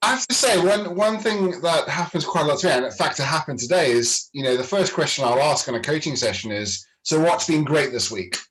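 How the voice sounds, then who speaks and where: Man from Britain, animated storyteller, somewhat high pitch, casual talk. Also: brisk, hardly any pauses, rough recording. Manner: laughing, lively anecdote teller. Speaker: coach. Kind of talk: casual panel chat.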